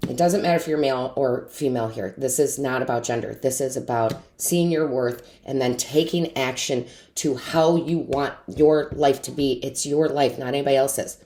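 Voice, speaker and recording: A woman's voice: extremely low pitch, normal speed, hardly any pauses, dark tone, slight background noise. A woman giving an intuitive tarot reading to camera, earnest and encouraging, often asking rhetorical questions. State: tearful, emotionally overwhelmed. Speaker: tarot reader.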